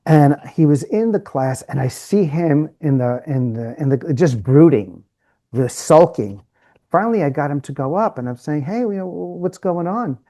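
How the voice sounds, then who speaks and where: A man's voice: a little high, animated, moderate pace, dark tone. A man, a communication coach, guesting on a podcast and telling stories animatedly, acting out the people in them. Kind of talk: interview storytelling.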